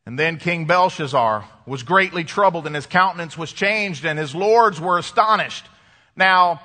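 A man preaching with a high, bright voice, building to emphatic points and dropping low for effect. He reads scripture aloud and comments on it. The sound carries a long reverb, like a large hall. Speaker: pastor. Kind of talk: sermon.

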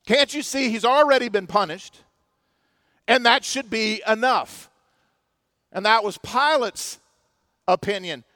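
A man preaching a sermon with passion, swinging between loud emphasis and hushed, solemn moments. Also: high voice, unhurried, pauses often, no room sound, clean studio sound. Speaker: pastor.

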